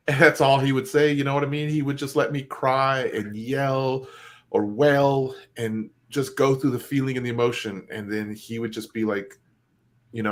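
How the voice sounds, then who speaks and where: A man's voice: medium pitch, fairly even intonation, moderate pace. A middle-aged man co-hosting a casual chat show, telling personal stories earnestly with many fillers. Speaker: co-host.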